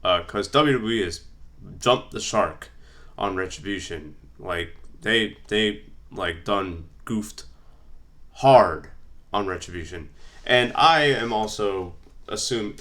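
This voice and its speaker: A man with a low, deep voice talks casually and rambles as he works through his notes. His speech is loose and full of fillers and restarts. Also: bright, forceful tone. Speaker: wrestling vlogger. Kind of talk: casual fantasy-booking commentary.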